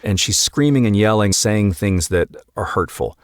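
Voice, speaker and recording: Earnest slow-speaking male podcast host. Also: fairly low pitch, lively intonation, clear, resonant tone, dry recording. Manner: earnest, slow and deliberate with emphatic pauses. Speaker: podcast host and marriage coach. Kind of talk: solo podcast monologue.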